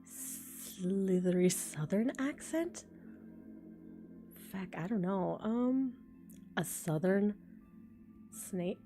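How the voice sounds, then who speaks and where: A young woman talks casually on a live stream from home, reading comments and thinking out loud. Her voice is mellow and relaxed, often broken up by small laughs. Faint music plays behind her. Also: fairly low pitch. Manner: chatty and rambling, laughs often, thinks aloud. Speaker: ASMR voice creator streaming live. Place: home, a train passing outside.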